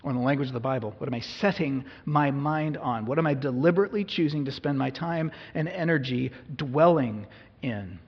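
A man's voice: mid-range voice, a little fast, breathy edge. A male pastor preaching a sermon in a conversational way, often asking his listeners questions. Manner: conversational, asks the congregation questions. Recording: echoey hall, dull lo-fi sound.

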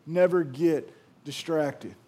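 A middle-aged man preaching a sermon, telling stories in a lively way with frequent restarts. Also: fairly high pitch, slow pace. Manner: lively storytelling with repeated restarts. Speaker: pastor.

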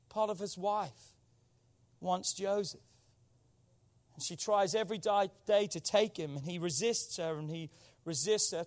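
A man preaching a sermon as pastor, with call-and-response that swings between loud exhortation and quiet intensity. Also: high-pitched.

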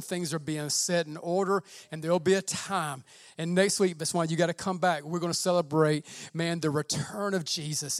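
Man, pastor, fervent sermon, higher voice, faint music behind. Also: no room sound, clean studio sound. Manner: fervent, exclaims "man" often, swells loud on scripture.

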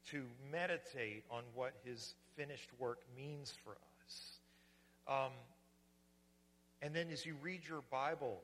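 A man's voice: fairly high pitch, a bit bright, a little hiss or hum. A man preaching a sermon as pastor, earnest and at times fervent. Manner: earnest, rising to fervent wonder. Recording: long hall reverb.

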